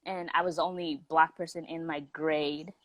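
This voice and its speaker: In a casual guest chat, a young woman with a Canadian accent, originally South African, tells stories studded with "like." Her voice is low-pitched with little pitch movement and a moderate pace. The low-quality recording carries no room sound.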